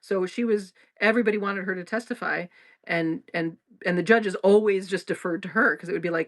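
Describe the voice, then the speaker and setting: A woman's voice: medium pitch, a little fast. A woman podcast host explaining ideas in casual talk, often restarting sentences and laughing as she goes. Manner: rambling, with frequent restarts and laughter.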